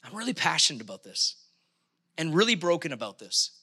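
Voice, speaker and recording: High, bright impassioned male preacher. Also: sing-song, husky. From Canada. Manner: impassioned, emphatic bursts, halting restarts. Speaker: pastor. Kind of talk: sermon.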